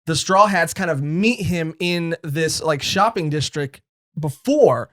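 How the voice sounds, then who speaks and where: A man co-hosting a relaxed podcast chat. His fairly high voice wanders through restarts and half-finished thoughts. He keeps the talk loose and conversational. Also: unhurried. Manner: rambling, many restarts. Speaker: podcast co-host. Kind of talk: casual chat.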